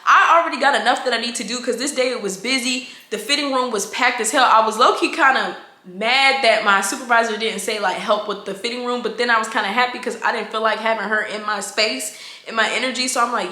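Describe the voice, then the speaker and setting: A young woman in her twenties tells a casual storytime in a bright, forceful voice pitched a little high. She is blunt, slangy and animated, and her voice bounces off an echoey room. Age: 20s. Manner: animated, slangy and blunt, quotes coworkers in quick asides. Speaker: vlogger.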